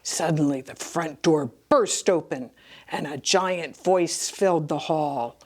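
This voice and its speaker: A middle-aged woman librarian reading a picture book aloud to children, slipping into hushed whispers and excited gasps. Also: low voice, takes it slowly.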